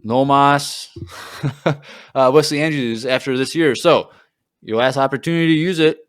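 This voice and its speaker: Smooth-voiced chatty podcast host. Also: male voice, mid-range voice, moderate pace, dry recording, clean studio sound. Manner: chatty, self-deprecating, many fillers. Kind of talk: casual podcast chat.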